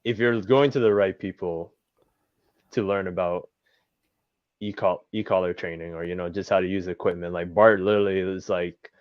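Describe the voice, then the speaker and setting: A man's voice: deep voice, steady tone, moderate pace, dry recording, highs cut off. A man as a guest in a casual chat, rambling with many fillers. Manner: rambling, heavy fillers like "you know".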